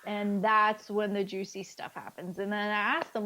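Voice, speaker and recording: A woman speaking as a life coach guest in a casual interview, lively and acting out the dialogue she quotes. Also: medium pitch, moderate pace, few pauses.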